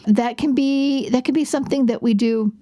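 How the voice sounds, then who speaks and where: Woman in her forties, podcast host; chatty and self-deprecating, mellow tone, dry close sound. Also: high-pitched, fairly even intonation, normal speed, no room sound. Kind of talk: casual parenting podcast talk.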